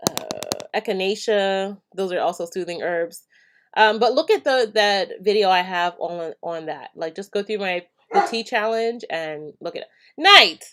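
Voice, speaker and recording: A woman's voice: medium pitch, normal speed, clear, resonant tone. A woman hosting a casual live stream, reading viewer comments and answering hair care questions in a chatty way with many fillers and frequent laughs.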